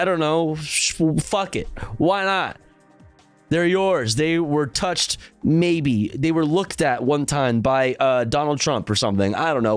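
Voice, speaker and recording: A man's voice: mid-range voice, no echo. A man streaming, giving casual reaction commentary in a profane, sarcastic, rambling way full of fillers.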